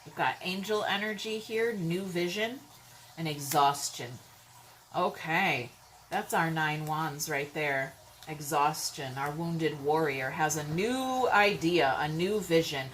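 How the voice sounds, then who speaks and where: Woman, tarot reading, chatty, swears, keeps asking okay, lowish voice. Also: takes it slowly, slight background noise, rough recording. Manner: chatty, rambling, swears freely, frequent "okay?" check-ins; lively, with sudden loud exclamations. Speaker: tarot reader. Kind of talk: casual tarot reading monologue.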